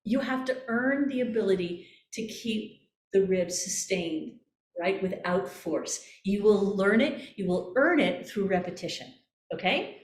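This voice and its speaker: A woman voice coach calmly guiding a breathing exercise, repeating gentle cues. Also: mid-range voice, a little slow. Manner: calm, coaxing, repeats cues. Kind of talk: guided breathing exercise instruction. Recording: echoey room.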